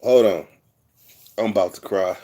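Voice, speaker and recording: A man's voice: lowish voice, moderate pace, warm tone, slight background noise. Profane, rambling man. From California. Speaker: vlogger telling prison stories. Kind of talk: casual storytelling monologue.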